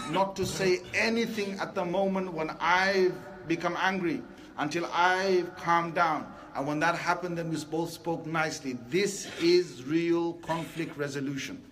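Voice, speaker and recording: A man's voice: a little high, steady tone, measured pace, a bit bright. A man delivering a Friday sermon in a hall, telling stories with animation and speaking directly to the men as brothers. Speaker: preacher.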